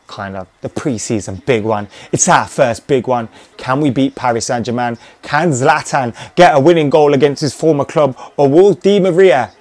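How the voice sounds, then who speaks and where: With a mid-range, slightly mellow voice, a young gaming commentator keeps a moderate pace and rarely pauses. He gives casual live commentary on his gameplay, cheering and swearing as things happen.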